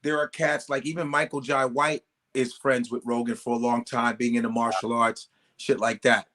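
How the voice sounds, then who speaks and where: A male comedian telling stories as a guest in a casual interview, animated and profane, acting out quoted voices. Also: medium pitch, normal speed.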